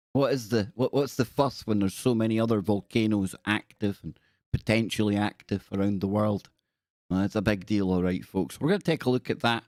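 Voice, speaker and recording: A man's voice: fairly low pitch, a little mellow, no echo, studio quality. A man hosting a live stream in a casual, chatty way, greeting viewers by name and making joking asides. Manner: jokey, self-deprecating asides.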